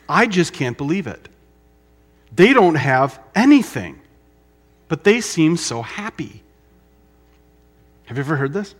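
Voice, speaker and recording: A middle-aged man preaching a sermon, emphatic, with dramatic pauses and repetition. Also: mid-range voice, a bit bright. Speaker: pastor.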